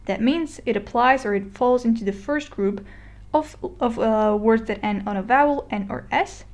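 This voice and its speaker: A woman giving a casual explainer lesson, chatty with fillers and restarts, slowing down to model words. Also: on the high side, darkish tone. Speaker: Spanish teacher. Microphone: voice-over on a screen recording.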